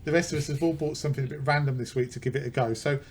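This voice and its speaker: Man, dry halting host, casual chat, light hiss. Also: mid-range voice, steady tone. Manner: dry, self-mocking, halting. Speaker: podcast host. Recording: faint background noise.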